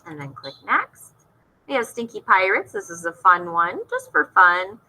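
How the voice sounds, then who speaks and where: A woman's voice: medium pitch, sing-song, unhurried, sharp tone, low-quality recording. A woman music teacher walking young students through an online assignment, patient and explaining step by step. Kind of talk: recorded lesson walkthrough for young students.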